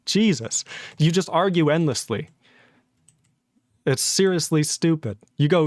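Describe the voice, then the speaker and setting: A man's voice: on the high side, a little slow, pauses often, darkish tone, no room sound, clean studio sound. A man livestreaming while he codes, ranting in an exasperated, sarcastic way, swearing often and mocking other people in put-on voices. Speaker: livestreaming programmer. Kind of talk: ranting casual stream talk.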